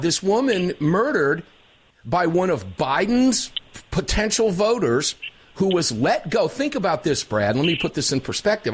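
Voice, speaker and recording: A man hosting a talk radio roundtable, energetic and emphatic with a folksy way of talking. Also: on the high side, breathy edge. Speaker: radio show host.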